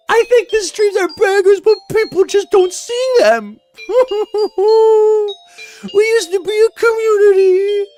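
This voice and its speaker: A woman voicing a self-pitying grown man streamer, wailing and mock-crying in a drawn-out whine. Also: extremely high pitch, a little mellow, pitched above the performer's own voice. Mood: mock sobbing. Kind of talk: mocking impression in a commentary video.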